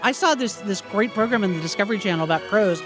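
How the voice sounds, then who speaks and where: A man co-hosting a radio show, reading news items and chatting with halting restarts. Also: high-pitched, music in the background. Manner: halting, stumbling restarts in chat.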